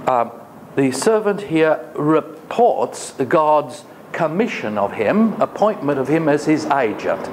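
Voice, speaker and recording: A man's voice: on the high side, very animated, takes it slowly, background noise. Man lecturing a class. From Australia. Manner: questioning students, paraphrasing the text. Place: college classroom.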